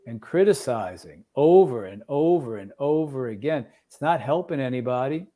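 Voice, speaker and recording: A man's voice: medium pitch, dark tone. A man speaking as a guest in a casual discussion, reflective and retelling his own inner dialogue.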